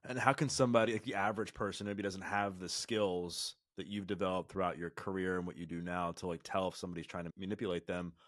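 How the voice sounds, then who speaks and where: Deep-voiced man hosting. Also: flat delivery, quick pace, few pauses, dry recording, studio quality. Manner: conversational, asks follow-up questions. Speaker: podcast host. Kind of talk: interview questions.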